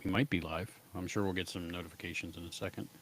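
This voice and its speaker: A man co-hosting a casual podcast, talking in a relaxed, easygoing way with plenty of fillers. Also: sits low, fast, loud music behind the voice. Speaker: podcast co-host.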